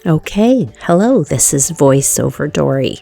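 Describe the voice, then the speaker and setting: A woman vlogger doing a relaxed, chatty voice-over while congested from allergies, easygoing and self-deprecating. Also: low voice, a little slow, creaky, faint music behind. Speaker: craft vlogger. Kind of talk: casual voice-over chat.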